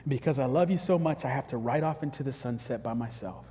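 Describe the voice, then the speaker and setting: A man preaching a sermon, telling stories with animated, acted-out quotes. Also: mid-range voice, fast, in a large hall. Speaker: pastor. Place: church hall.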